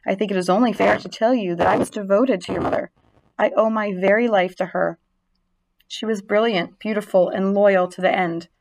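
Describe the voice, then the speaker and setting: A woman voicing a gentle, lonely young male pig in a storybook reading, earnest and pleading. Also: mid-range voice, fairly even intonation, normal speed, creaky, natural voice, poor audio. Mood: solemn.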